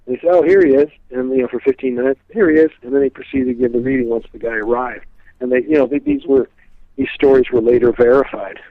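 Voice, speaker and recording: A man's voice: mid-range voice, quick pace, creaky, no echo. A man, a guest on an interview show, telling stories in a casual, rambling way, full of fillers. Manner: rambling, filler-heavy, animated retelling. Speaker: guest expert. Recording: tinny dry phone line.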